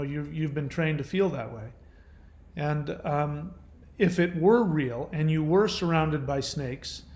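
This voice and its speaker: A man hosting his own channel, answering viewer questions in casual, gentle, reassuring advice talk. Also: a little high, roomy sound.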